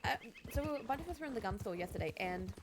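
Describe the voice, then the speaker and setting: A woman's voice: medium pitch, animated, noisy background. A woman streamer rambling casually to her viewers while she plays, telling stories from her game. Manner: chatty, rambling, recounts scenes with quick voice changes.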